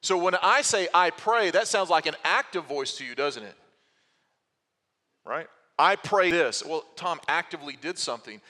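Bright-voiced preacher man in an echoing hall. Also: fairly high pitch, lively intonation. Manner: teaching, explains slowly with restarts and rhetorical questions. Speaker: pastor. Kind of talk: expository sermon.

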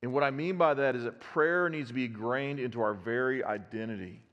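A man's voice: medium pitch, a little fast, muffled recording. A man, preaching a conversational sermon and putting questions to his congregation. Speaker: pastor. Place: church sanctuary. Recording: long reverb of a church hall.

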